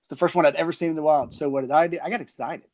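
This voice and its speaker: A man, co-hosting a podcast, excitable and teasing as he jumps into the story. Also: fairly high pitch, very fast. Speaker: podcast co-host. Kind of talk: casual storytelling chat.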